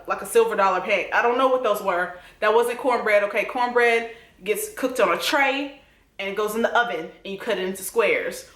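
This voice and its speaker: A woman's voice: medium pitch, a bit bright. A young woman with a Southern accent, chatting sassily to viewers in a casual TV recap. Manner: sassy, chatty, addresses viewers directly. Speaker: TV recap vlogger. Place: home room. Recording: roomy home echo.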